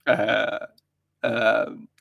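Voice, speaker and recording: A man from Ghana, hosting a live religious Q&A stream, reading viewer comments aloud and answering with quick retorts and many fillers. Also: lowish voice, completely flat delivery, creaky, fairly bright tone.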